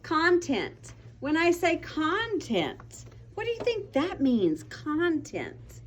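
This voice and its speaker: With a very high, wildly swooping voice and a slow pace, a young woman teaches children a vocabulary lesson in class. She is patient and encouraging, calling on pupils by name. A slight hiss or hum sits under the recording.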